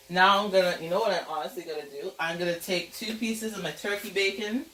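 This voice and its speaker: A woman's voice: fairly low pitch, fairly quick, few pauses, pushed and bright, distant mic. A woman hosting a casual home cooking vlog, chatting playfully as she talks through each step. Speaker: home cook, channel host. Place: home kitchen. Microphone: camera mic, back turned, away from it. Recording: echoey kitchen, voice off-mic, faint noise.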